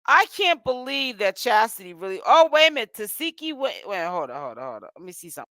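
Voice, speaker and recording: A woman hosting a casual gossip commentary vlog in a sassy, chatty way, tired and yawning as she goes. Her voice is bright and forceful and sits on the high side. The sound is close and dry. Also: very animated, fast talker, no echo. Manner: sassy and chatty, calls listeners honey and child. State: tired, yawning while fasting. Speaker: host.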